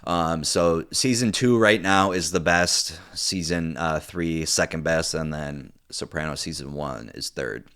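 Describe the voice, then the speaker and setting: A young man with a very deep, low-pitched voice talks through his opinions on a TV series. He rambles casually, swears a lot, and keeps restarting his sentences with ums and uhs. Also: unhurried, hardly any pauses, a bit bright. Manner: rambling, profane, many fillers and restarts. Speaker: TV show reviewer. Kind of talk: casual unscripted commentary.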